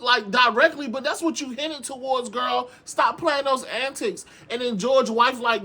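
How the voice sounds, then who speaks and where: A man hosting a reality TV recap, talking in a sassy, animated way, calling his viewers "girl" and swearing often. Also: extremely high pitch, normal speed, hardly any pauses. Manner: frequent profanity and emphatic repetition. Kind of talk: casual commentary.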